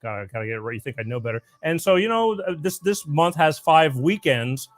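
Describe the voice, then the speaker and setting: A man's voice: a little high, expressive, brisk. A man hosting a call-in talk show, speaking emphatically, repeating himself and stumbling over words. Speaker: radio show host.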